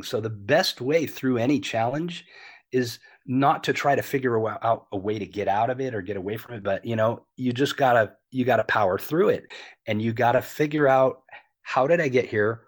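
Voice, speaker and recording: A man in his fifties talking candidly as an interview guest, earnest and animated, filling with "you know" and swearing freely. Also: medium pitch, normal speed.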